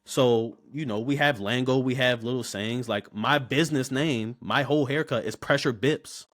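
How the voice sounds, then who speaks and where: A man, telling stories as a podcast guest in a loose, slangy, animated way. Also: mid-range voice, moderate pace. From Baltimore, USA. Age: 20s. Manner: animated, slangy, repeats words when starting sentences. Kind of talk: casual interview storytelling.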